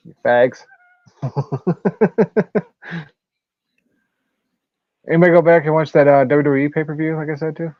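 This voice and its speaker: A man talks slowly on a casual sports podcast, laughing often between crude jokes. His voice sits a little high, and the sound is dull and dry. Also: no echo. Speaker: podcast co-host.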